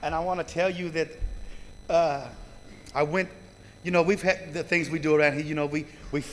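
A man's voice: fairly high pitch, steady tone, moderate pace, big-room sound, slight background noise. A man telling a heartfelt personal recovery story to a live group, swearing freely and often turning to the crowd with "you guys". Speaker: recovery meeting speaker.

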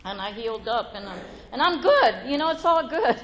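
A woman's voice: sits high, sing-song, moderate pace, fairly bright tone. Frank, laughing woman sharing her story. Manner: frank, laughing, swears freely. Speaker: recovery meeting speaker. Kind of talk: candid personal testimony. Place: meeting room with an audience. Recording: faint crowd and background noise.

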